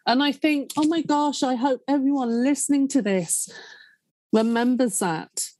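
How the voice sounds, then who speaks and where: A woman's voice: high-pitched, measured pace, darkish tone, no room sound. Effusive, emotional woman podcast host. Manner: effusive and affectionate, calls guest darling and love; openly emotional, close to tears. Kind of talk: casual interview chat.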